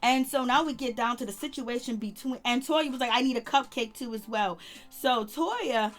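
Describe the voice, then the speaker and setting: A middle-aged woman in a chatty, gossipy recap, rattling off who said what and slipping into quoted lines with relish. Her voice sits a touch higher than most women's. She keeps it loose and conversational throughout. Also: moderate pace, soft background music. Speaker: reality TV recap commentator. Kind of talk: casual recap monologue.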